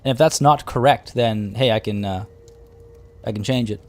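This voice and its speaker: While streaming a strategy game, a man talks casually to his chat, thinking aloud and answering viewers as he plays. He has a lowish voice and speaks at a normal speed.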